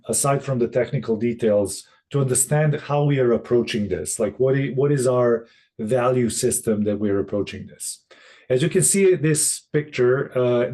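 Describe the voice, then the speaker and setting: A man presenting on a video call, talking in a halting way with many restarts and fillers. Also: medium pitch, mellow. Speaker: session facilitator. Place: room in Boston.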